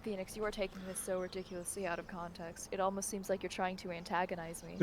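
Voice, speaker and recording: A woman's voice: fairly low pitch, level tone, a little hiss or hum. A woman chatting and teasing friends on a voice call during a game stream. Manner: teasing, quick laughs. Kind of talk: casual chat on voice call.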